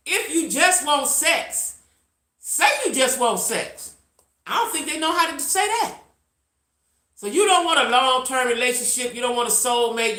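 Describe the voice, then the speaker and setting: A woman's voice: medium pitch, pushed and bright, roomy sound. A woman around sixty telling a blunt, salty story to her viewers, repeating lines for emphasis and reacting to live chat. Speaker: vlogger.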